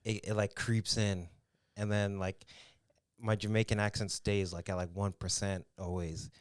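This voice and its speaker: Smooth low-voiced man chatting. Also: little pitch movement, moderate pace, no echo, clean studio sound. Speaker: podcast co-host. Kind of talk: casual chat.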